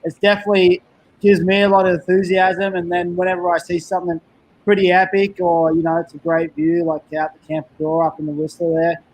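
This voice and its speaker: A man's voice: high-pitched, level tone, fairly quick, a little mellow, poor audio. A man with an Australian accent chatting casually as a podcast guest, laid-back and upbeat, with surfer slang. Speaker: podcast guest, backcountry snowmobiler. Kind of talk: casual chat.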